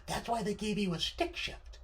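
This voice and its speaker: A man's voice: high voice, moderate pace, natural voice. A man voicing his mother, an upbeat woman who coaxes her young son in a matter-of-fact way. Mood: coaxing.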